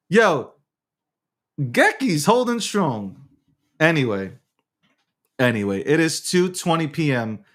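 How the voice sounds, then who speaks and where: A man's voice: a little high, fairly bright tone. Hyped, repetitive male crypto streamer. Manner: hyped, repetitive, showman patter. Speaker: livestream host. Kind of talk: casual crypto livestream chat.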